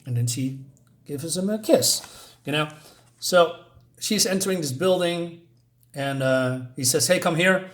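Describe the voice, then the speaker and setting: A man's voice: fairly high pitch, animated, a little slow, pauses often. A man reviewing a comic book in a casual vlog, chatty and enthusiastic, with many fillers.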